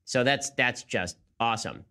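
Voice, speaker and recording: A man's voice: mid-range voice, moderate pace, pushed and bright. A man hosting a political commentary show, talking sarcastically and with disbelief. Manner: sarcastic, incredulous. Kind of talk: rapid-fire commentary.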